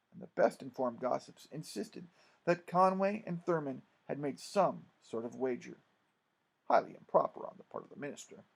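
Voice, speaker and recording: A man reads a memoir-style story aloud as an audiobook narrator. His delivery is lively and expressive, carried by a fairly high voice. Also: creaky.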